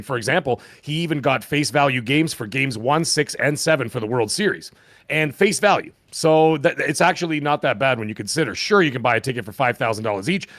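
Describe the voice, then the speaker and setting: A hoarse man in his fifties, still recovering his voice, rambles through a lively story on a podcast. His voice sits at a mid pitch and is heard close and dry, with no room around it. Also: no echo. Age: 50s. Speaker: podcast co-host. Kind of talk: casual chat.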